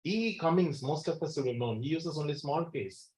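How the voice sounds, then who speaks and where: A man's voice: a little high, brisk, darkish tone, slight background noise. A man giving an academic lecture in a college seminar hall, emphatic and repeating key words. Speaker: guest lecturer.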